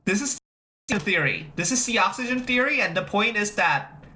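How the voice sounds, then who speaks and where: Swearing freely and welcoming viewers as they join, this animated livestreamer rambles through casual chat, repeating phrases and reacting to the chat. The voice is mid-range at a normal pace, with slight background noise.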